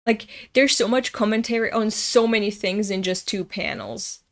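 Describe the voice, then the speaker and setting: A woman's voice: medium pitch, steady tone, normal speed. A young woman from Europe reading a comic aloud in casual commentary, ranting and swearing with indignation. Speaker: comic reader. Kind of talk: casual read-along commentary.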